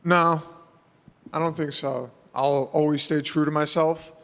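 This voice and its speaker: New guy rambling thru interview answers, kinda high voice, lots of you-knows, reverby room. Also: fairly even intonation, measured pace, vocal fry, a bit bright. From New York. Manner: casual, rambling, lots of fillers. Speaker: fighter.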